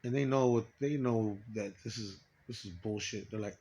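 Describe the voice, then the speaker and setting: A man in a rambling personal monologue, swearing often, stopping and restarting, and trailing off quietly. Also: on the low side, muffled recording. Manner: profane, halting, trails off quietly.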